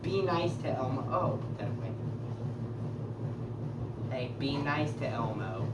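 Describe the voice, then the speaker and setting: A woman's voice: rumbling low, animated, a little slow. A woman coaxing and teasing her pet dog in a casual home video. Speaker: dog owner. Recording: roomy, distant, noisy home video.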